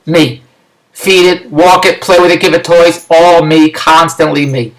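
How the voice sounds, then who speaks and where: A man's voice: a little high, fairly even intonation, measured pace, roomy sound, poor audio. A middle-aged man from Philadelphia, ranting in a rambling, exasperated way on his video blog. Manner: rambling, exasperated, loud rants. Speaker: vlogger.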